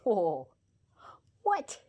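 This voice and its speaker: Woman, pet owner, affectionate baby talk, mellow, slow, whispery asides. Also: mid-range voice, huge pitch swings, lo-fi sound.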